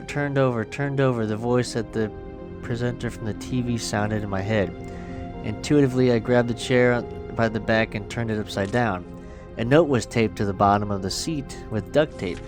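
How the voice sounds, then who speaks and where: A man's voice: medium pitch, steady tone, moderate pace, music in the background. Profane man narrating a horror game. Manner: profane, joking asides between narration. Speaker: gaming streamer. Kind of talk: let's play, reading game text aloud.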